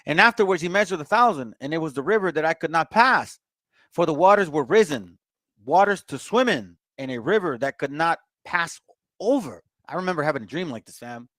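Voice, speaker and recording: A man's voice: fairly high pitch, animated, a little fast, fairly bright tone, dry recording. Laid-back man teaching Bible verses. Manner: laid-back and chatty, reads verses then explains, calls listeners fam and family. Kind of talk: casual livestream Bible study.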